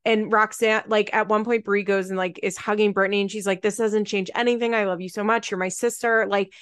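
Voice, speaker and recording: Woman co-host, mid pitch, dry close sound, animated and profane show recapper. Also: brisk, clean tone, no room sound. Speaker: podcast co-host. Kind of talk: casual chat recapping a TV show.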